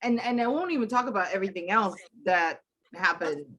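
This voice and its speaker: A woman hosting a relaxed talk show, at a mid pitch for a woman. She lays out scenarios, asks questions and teases her guest. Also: brisk, slight background noise. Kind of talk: casual chat.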